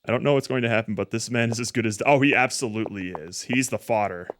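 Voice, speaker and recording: A man's voice: fairly low pitch, fast, fairly bright tone, a little hiss or hum. A man streaming a game, rambling and correcting himself as he stumbles over words. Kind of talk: casual gameplay commentary.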